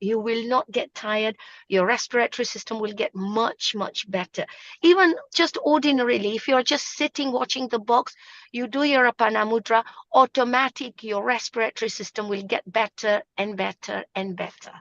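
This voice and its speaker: A woman's voice: a little high, normal speed, fairly bright tone, no echo, lo-fi sound. A woman teaching yoga mudras on a live video call, emphatic and repeating her points. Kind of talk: live online talk show.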